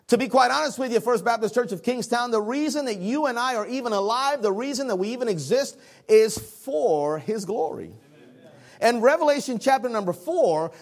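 A man preaches an evening sermon in a church, earnest and emphatic, often pausing on fillers. His voice sits fairly high for a man. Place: church sanctuary.

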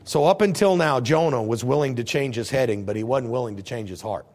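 A middle-aged male preacher delivering a sermon with animated storytelling. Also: mid-range voice, a little fast. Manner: animated storytelling, acting out scenes in voices.

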